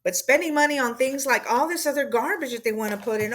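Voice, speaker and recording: Woman, rambling sarcastic political rant, fairly high voice, fed up. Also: quick pace, few pauses, a bit bright. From Texas. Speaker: political commentator.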